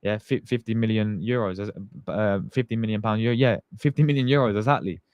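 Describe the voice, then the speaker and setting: A man's voice: lowish voice, a little fast, smooth, no echo, dull audio. A young man hosting a live fan stream, chatting casually and greeting viewers by name in slangy talk. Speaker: fan channel host.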